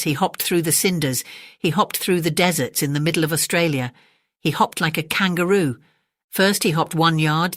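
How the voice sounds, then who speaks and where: A woman narrates a bedtime story with a low, calm voice. She reads the repeated refrains in a rhythmic, chant-like way. The recording is dry and close. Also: no echo.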